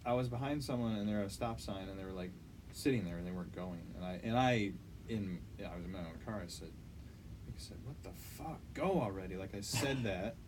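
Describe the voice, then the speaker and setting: Low-voiced man rambling through a story. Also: brisk, background noise. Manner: rambling, self-correcting, swears when retelling anger. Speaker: podcast co-host. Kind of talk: casual chat.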